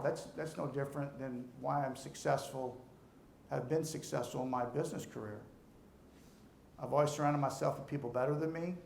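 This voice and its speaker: Middle-aged man, gravelly, earnest motivational speaker, stammers into sentences; echoey room. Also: mid-range voice, slight background noise. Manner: earnest, repeats words when starting sentences. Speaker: alumnus speaker. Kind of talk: motivational speech to an audience. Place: room with an audience.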